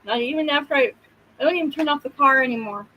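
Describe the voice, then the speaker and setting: A woman's voice: sits high, quick pace, bright, forceful tone, slight background noise, poor audio. A middle-aged woman from Oklahoma co-hosting a podcast, trading wry, teasing banter in casual chat. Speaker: podcast co-host.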